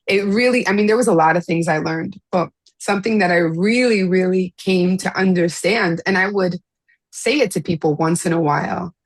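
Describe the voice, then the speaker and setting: A woman from Miami hosting a casual spiritual study meetup over a video call, talking in a gentle, reflective way with soft laughs. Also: on the low side, moderate pace, dry recording. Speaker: host of an online study meetup. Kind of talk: casual spiritual group chat.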